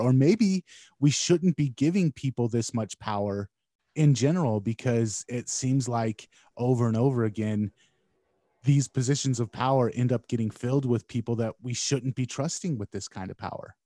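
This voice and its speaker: A male guest speaking in relaxed conversation with a warm, mellow tone. He works through his ideas thoughtfully and at a measured pace. The sound is dry and close, with no room echo. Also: medium pitch. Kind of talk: casual conversation.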